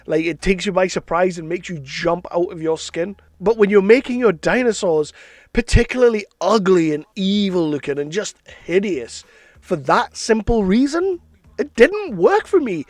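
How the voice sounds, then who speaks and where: A man's voice: high voice, no echo. A man giving a casual spoken film review, chatty and opinionated, with a frank way of talking.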